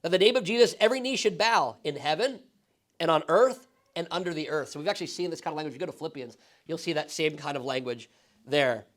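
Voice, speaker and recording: Man, pastor, high voice, casual bible class, asks questions, says "right?" a lot. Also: fast, a bit bright. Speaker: pastor teaching Bible study. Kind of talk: conversational Bible teaching. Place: church classroom.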